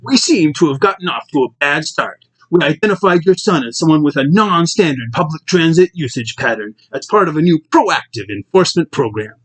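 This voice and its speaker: A man voicing a smooth, bureaucratic male cop with an officious, formal manner. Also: a little high, expressive, a little fast, few pauses, voice pushed up, rough recording.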